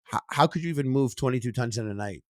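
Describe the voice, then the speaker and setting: A man's voice: mid-range voice, fast, no echo, studio quality. A man co-hosting a food podcast in casual, jokey banter. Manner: jokey, puts on mock British voices. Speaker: podcast co-host.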